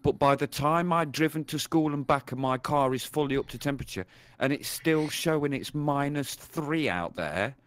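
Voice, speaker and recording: A man in his thirties co-hosting a casual gaming podcast, chatting with animated swearing and laughs. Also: a little high, normal speed, clear, resonant tone. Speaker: podcast co-host.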